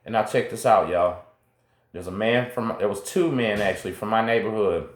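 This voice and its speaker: A middle-aged male host tells his own story in a laid-back, slangy way, speaking straight to viewers. His voice is lowish and his pace moderate, with a roomy sound.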